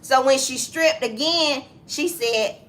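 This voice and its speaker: A woman's voice: sits high, slow pace, noisy background. A woman in her forties with a Southern US accent, co-hosting a casual chat show and animatedly retelling a story. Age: 40s. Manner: animated retelling, acting out voices. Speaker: co-host.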